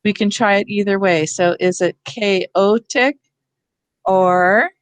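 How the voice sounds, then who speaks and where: A woman coaches teachers through word study, guiding them patiently one step at a time. Her voice sits at a middle pitch and comes through a video call with a dry, close sound. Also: flat delivery, moderate pace, clean tone, no room sound. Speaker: reading teacher trainer. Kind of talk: teacher workshop instruction.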